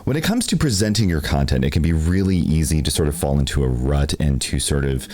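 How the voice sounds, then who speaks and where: Rambling deep-voiced man hosting a stream class. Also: expressive, fast talker, a little mellow. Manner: rambling, many fillers, laughs easily. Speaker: stream team host. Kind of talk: live-stream masterclass presentation.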